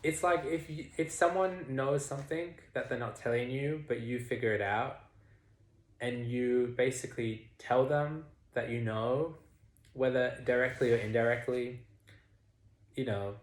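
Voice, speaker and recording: A young man vlogging a candid confessional monologue, swearing freely and swinging between murmurs and loud outbursts. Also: medium pitch, steady tone, a little slow.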